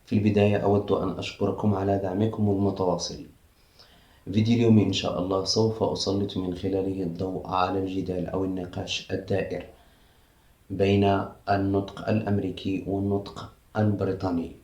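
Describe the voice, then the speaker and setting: A man with an Arabic accent teaching a lesson on English pronunciation, sounding out example words slowly and carefully. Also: sits low, little pitch movement, darkish tone, echoey room. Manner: slow, careful enunciation when giving example words. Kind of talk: language lesson to camera.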